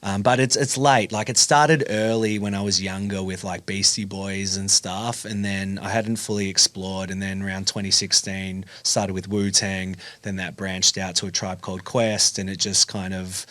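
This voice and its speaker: A man's voice: low-pitched, normal speed, few pauses. A young man, a podcast guest, chatting casually and acting out dialogue in his stories. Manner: animated storytelling, acting out dialogue.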